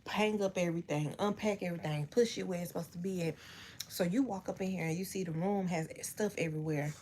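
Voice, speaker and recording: A woman's voice: fairly low pitch, fast talker, slight background noise. Ranting profane woman streaming from her bedroom. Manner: animated, profane, ranting, talks straight to viewers. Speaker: livestreamer telling a personal story to chat. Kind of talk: casual storytime livestream.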